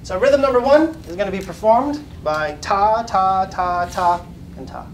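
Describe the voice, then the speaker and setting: A man's voice: high-pitched, measured pace, recorded from a distance, slight background noise. Upbeat male music teacher in echoey classroom. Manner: upbeat, patient, chants rhythms for children to repeat. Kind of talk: classroom lesson with call and response.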